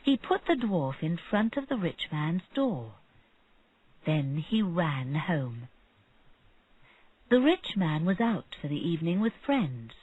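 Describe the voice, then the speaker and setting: Slow husky narrator reading an easy story, lively pitch, tinny dry audio. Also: dry recording. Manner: slow, clear storytelling for learners. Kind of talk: slow graded-reader narration. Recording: narrow phone-like sound.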